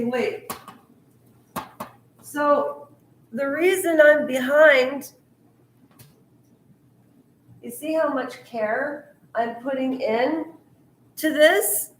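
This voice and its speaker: A woman's voice: a little high, reverberant. A middle-aged woman from Canada talking in a heated, earnest vlog monologue. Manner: heated, earnest, talks of her anger. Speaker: YouTuber.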